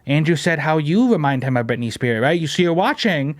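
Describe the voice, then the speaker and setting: A man's voice: a little high, very animated, brisk, no room sound, studio quality. A man hosting a casual podcast, brash and joking, swearing and saying "bro" and "dude" a lot. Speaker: podcast host.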